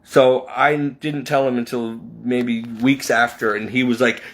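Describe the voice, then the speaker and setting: A man's voice: medium pitch, little pitch movement, unhurried, few pauses. A middle-aged man from Connecticut venting about his past in an impassioned, rambling personal vlog, often restarting his sentences. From Connecticut, USA. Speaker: vlogger.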